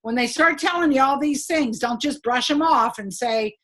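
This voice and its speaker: A middle-aged woman giving an upbeat, emphatic motivational training talk to her sales team, chatty and quick to laugh. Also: high voice, a bit bright. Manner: laughs between points.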